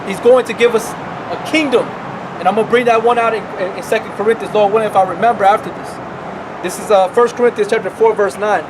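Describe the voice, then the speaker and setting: A man's voice: high voice, steady tone, fast, background noise. A man preaching a sermon outdoors as a street preacher, talking emphatically and repeating himself, often tacking on "man" and "right".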